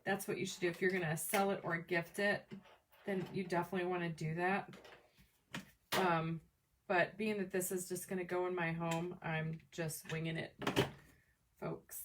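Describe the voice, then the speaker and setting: A woman hosting a live crafting demo from home, chatting with viewers by name in an excitable, chatty way. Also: on the low side, moderate pace, distant mic, noisy background. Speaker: crafting livestream host. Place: home craft table, camera on tripod.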